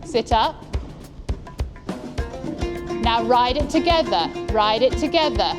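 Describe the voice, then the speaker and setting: A woman giving calm, encouraging instructions as a riding coach. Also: fairly high pitch, slow, music in the background. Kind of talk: coaching a rider. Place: outdoor riding arena.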